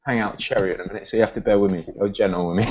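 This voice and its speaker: A man's voice: fairly low pitch, racing. A man from Northamptonshire with an English accent, chatting on a video call in a friendly, laughing, self-effacing way. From England. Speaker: caller, guest. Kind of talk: casual video call chat. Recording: dull lo-fi call audio.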